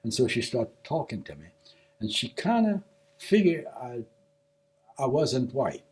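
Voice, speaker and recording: A husky older man recalls his past for an oral history interview. He tells it casually, at a middle pitch, and he brings the story to life by acting out the voices of the people in it. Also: measured pace. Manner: animated storyteller who acts out quoted dialogue. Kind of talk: casual spoken recollection.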